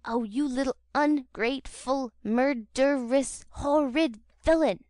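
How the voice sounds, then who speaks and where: A woman's voice: a little high, normal speed, vocal fry, darkish tone, no room sound, studio quality. A woman reading an audiobook, voicing a sturdy servant girl who screeches insults and fusses over her mistress. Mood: screaming. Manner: screeching, indignant. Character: sturdy, shrill, scolding servant girl Charlotte.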